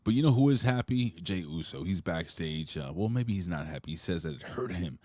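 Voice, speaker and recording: A man's voice: low-pitched, lively intonation, fairly quick, dark tone, no echo, clean studio sound. A man hosting a casual live wrestling review, recapping in a loose, rambling way full of swearing. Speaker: host of a wrestling review show. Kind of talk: casual live-stream chat.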